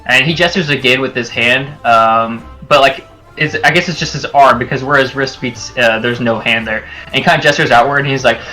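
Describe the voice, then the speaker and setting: Guy running a tabletop game, bright voice, rambly and loose, faint music behind. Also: mid-range voice, a little fast, rough recording. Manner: loose, rambling description full of fillers. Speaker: game master.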